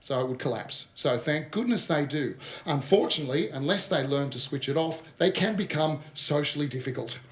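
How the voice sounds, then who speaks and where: Australian man, slightly high voice, lively joking workshop presenter, echoey hall. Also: fairly quick, few pauses, a little hiss or hum. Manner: lively, joking with the audience, drops asides. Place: large room with live audience. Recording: roomy echo of a hall.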